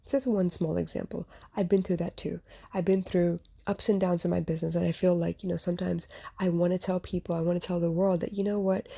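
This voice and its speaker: A woman's voice: on the low side, little pitch movement, fast talker, creaky, mellow, slightly rough. A woman hosting a podcast, telling a personal story in an earnest, reflective way and speaking straight to the listener. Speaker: podcast host; mother and small business owner.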